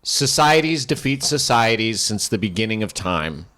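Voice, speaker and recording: A man's voice: fairly low pitch, sing-song, normal speed, bright, forceful tone, pitched below the performer's own voice. Glorp, a man playing a boastful alien quarterback. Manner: stiff formal speech, broken grammar. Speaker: podcast co-host. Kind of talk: improvised comedy character.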